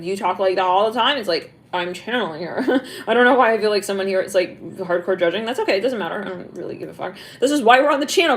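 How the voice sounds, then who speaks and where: A woman talking through a tarot reading in a loose, rambling, chatty way, full of fillers and casual swearing. She breaks into laughter and talks back to the messages she hears. Her voice sits at an ordinary middle pitch for a woman. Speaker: tarot reader. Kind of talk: casual intuitive reading to camera.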